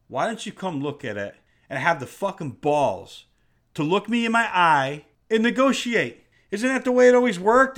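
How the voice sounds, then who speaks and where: This middle-aged podcast host rants bluntly and casually, swearing a lot and sounding exasperated. His voice sits high and has a fairly bright tone.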